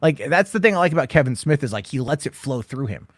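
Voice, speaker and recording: A man's voice: mid-range voice, sing-song, fast, no echo, studio quality. A man hosting a casual late-night movie chat, rambling through stories with lots of swearing and acted-out quotes. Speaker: host.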